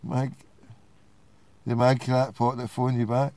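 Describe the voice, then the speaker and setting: A man hosts a late-night call-in show at a middle pitch. He jokes and swears his way through loose, rambling banter with callers. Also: level tone, slow, mellow, dry recording. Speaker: host.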